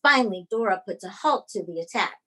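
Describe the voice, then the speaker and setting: A woman's voice: mid-range voice, a little fast, slightly rough. A woman performing a dramatic personal story over a video call. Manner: dramatic, expressive delivery.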